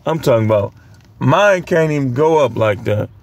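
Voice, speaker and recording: A young man casually telling work stories to the camera, animated and full of voice impressions. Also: mid-range voice, normal speed, creaky. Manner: animated, imitates other people's voices mid-story. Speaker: vlogger. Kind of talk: casual storytelling.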